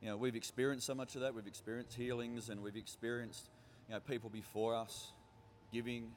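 A man giving a short testimony in a church hall, earnest and halting. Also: medium pitch, little pitch movement, slight background noise. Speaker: church member.

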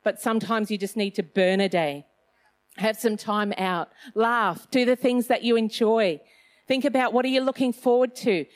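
A middle-aged woman giving a casual Christian talk, chatty and self-mocking, with loose phrasing and plenty of fillers. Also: fairly high pitch. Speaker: Christian speaker.

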